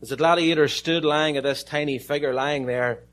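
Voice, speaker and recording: A man with an Irish accent preaching a sermon, telling a story with dramatic pauses and some joking asides. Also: on the high side, fairly even intonation, fairly bright tone. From Ireland.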